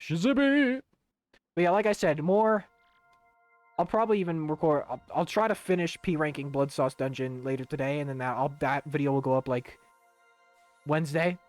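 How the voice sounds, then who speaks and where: A man's voice: a little high, a little fast, darkish tone, no echo, soft background music. A young man casually streaming a video game, rambling, swearing and humming to himself. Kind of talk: casual gaming stream chat.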